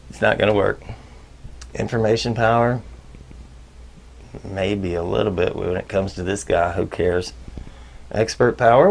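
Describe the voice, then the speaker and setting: A man hosting a leadership advice video, talking casually and jokingly, with loud bursts and muttered asides. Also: on the low side, vocal fry. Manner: chatty, jokey, swings between loud bursts and muttered asides.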